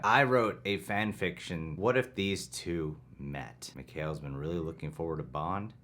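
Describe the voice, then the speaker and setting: A man hosting a casual reaction chat, relaxed and chatty with frequent laughs. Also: deep voice, unhurried, few pauses. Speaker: host.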